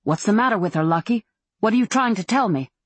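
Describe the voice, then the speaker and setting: A woman's voice: medium pitch, expressive, fast talker, breathy edge, no echo. A woman voicing a determined, protective young man who speaks firmly and earnestly.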